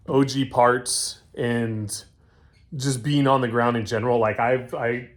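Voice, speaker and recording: A man hosting a casual bike build vlog, excitable and joking, often stammering and restarting his sentences in a home workshop. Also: medium pitch, takes it slowly. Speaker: channel host.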